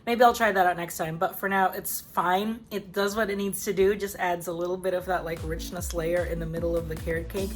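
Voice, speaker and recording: A woman's voice: on the low side, steady tone, a little fast, few pauses, faint music behind. A woman hosting her own cooking show, chatting casually and upbeat through a recipe with lots of "like" and "um". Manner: chatty, upbeat, full of "like" and "um" fillers. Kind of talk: casual cooking vlog chat.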